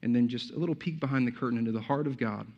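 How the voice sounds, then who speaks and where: A man's voice: medium pitch, racing, dull audio. A man preaching a sermon as pastor, talking conversationally with frequent restarts and rhetorical asides.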